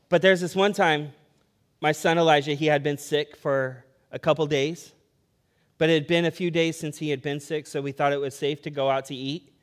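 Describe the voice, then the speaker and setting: A man preaching a sermon as pastor, conversational and storytelling, building emphasis as he speaks. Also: a little high.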